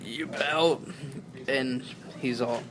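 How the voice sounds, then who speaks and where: Man, game master, rambling, giggly, mid-pitched, crowd noise behind. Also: drawn-out words. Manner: giggly, rambling, stumbles over words. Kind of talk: narrating a tabletop game, laughing often.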